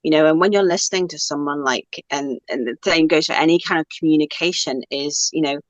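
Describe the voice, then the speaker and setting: A woman's voice: low-pitched, fairly quick, dry recording, highs cut off. Reflective woman talking, dry close sound. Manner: reflective, rambling with many fillers. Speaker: guest, spiritual teacher. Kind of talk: casual conversation.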